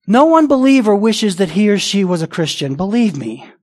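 A man with a fairly high voice preaches a sermon in a conversational way. He keeps asking his listeners rhetorical questions and briefly acts out the voices of other people. His words often restart and repeat. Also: very animated, moderate pace. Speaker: pastor.

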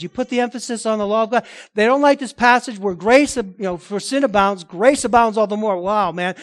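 A man with a high voice preaches a sermon to his congregation. He talks to them directly, tossing out rhetorical questions. He swings from quiet explanation to loud, stressed peaks. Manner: animated preaching with sudden loud emphatic rises. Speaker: pastor.

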